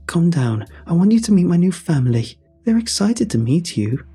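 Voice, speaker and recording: An eerie forest entity , put on by a man, who begs in a timid, wheedling way. The voice sits higher than a plain speaking voice, with a breathy, husky edge. A creepy horror narration character. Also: normal speed, mellow, faint music behind, heavily acted. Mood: eager. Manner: pleading, wheedling. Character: meek, eerie male forest entity luring victims.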